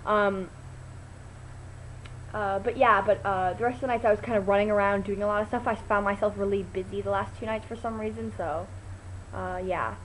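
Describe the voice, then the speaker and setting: A woman's voice: moderate pace, a little hiss or hum, low-quality recording. A teenage girl vlogging, telling a rambling story with lots of ums and restarts. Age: teens. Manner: chatty and rambling, many ums and restarts, bursts into excited high quoted voices. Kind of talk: casual storytelling vlog.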